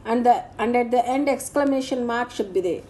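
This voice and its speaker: A woman teacher, slowly reading out grammar exercise answers and punctuation marks. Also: on the high side, warm tone. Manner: slow, deliberate dictation of answers and punctuation.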